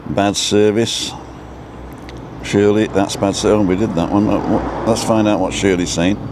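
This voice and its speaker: A man's voice: fairly low pitch, fairly even intonation, slow pace. A man hosting a casual live stream from an outdoor food stop. He rambles between topics and reads out the names of viewers. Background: faint traffic and building work.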